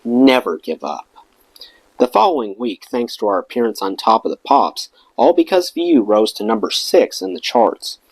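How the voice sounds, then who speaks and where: A man reading a rock memoir aloud in an expressive storytelling manner. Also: mid-range voice, moderate pace, creaky, few pauses, no room sound, rough recording. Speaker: audiobook reader.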